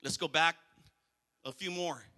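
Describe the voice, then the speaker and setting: A man's voice: a little high, fairly even intonation, unhurried, sharp tone, big-room sound. A male pastor preaching a sermon in church, emphatic and repetitive, calling out to the congregation.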